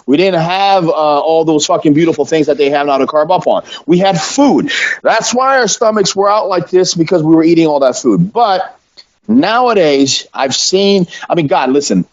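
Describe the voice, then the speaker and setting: A middle-aged man hosting a podcast, telling stories in a blunt, profane, animated way. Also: on the high side, moderate pace. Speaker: podcast host. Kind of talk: casual chat. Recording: dull lo-fi sound.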